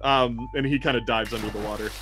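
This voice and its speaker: A man's voice: mid-range voice, fairly even intonation, fast talker. A man narrating as game master for a tabletop game, casual and rambling, laughing often and swearing freely.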